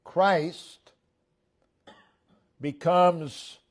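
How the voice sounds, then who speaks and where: Man preaching slow in a church, highish voice, hammers the same phrase over and over then trails off quiet. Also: steady tone. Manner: emphatic, repetitive preaching cadence, drops to low murmurs at phrase ends. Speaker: pastor. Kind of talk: sermon. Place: church sanctuary.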